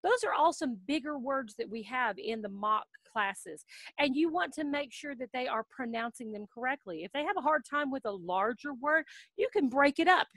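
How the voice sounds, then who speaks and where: A middle-aged woman with a fairly high voice talks straight to camera, coaching would-be online English teachers in an upbeat, practical way. She keeps checking in with "okay?", and when she models a word she slows into a drawn-out, exaggerated teacher voice. The sound is close and dry, with no room around it. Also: lively intonation, fairly bright tone, no echo. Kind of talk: casual instructional talk to camera.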